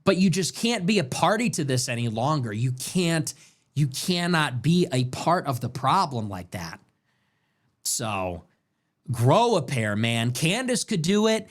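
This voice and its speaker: The host of a late-night livestream commentary show rants in an animated, heated way, stumbling into restarts and repetitions as he gets worked up. His voice is a little high and his pace measured.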